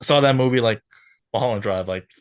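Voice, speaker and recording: A man appearing as a guest on a movie podcast, speaking in a halting way and restarting his sentences often. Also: medium pitch, no echo, clean studio sound. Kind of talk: casual movie chat.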